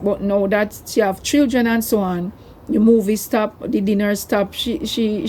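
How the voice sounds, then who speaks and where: A woman's voice: mid-range voice, dark tone. An older woman, telling a personal story to her vlog viewers in a rambling, emotional way. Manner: emotional, rambling, tearful at times. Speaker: vlogger.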